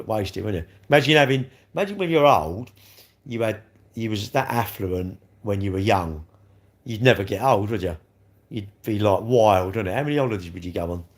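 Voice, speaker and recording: A man's voice: lowish voice, creaky. Chatty South East London man rambling. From England. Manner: rambling, chatty, full of tag questions. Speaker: livestream host. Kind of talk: casual live-stream chat.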